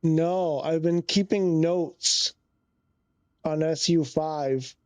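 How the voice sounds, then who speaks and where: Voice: mid-range voice, extremely slow, a little mellow, dry recording. A flight sim streamer talking to themselves during live gameplay, muttering, sighing often and getting easily frustrated.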